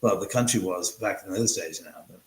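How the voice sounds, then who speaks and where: A man's voice: deep voice, a little fast, echoey room, poor audio. A man hosting a casual livestream, chatting with viewers in a rambling, joking way with crude banter. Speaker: livestream host. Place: room in a house.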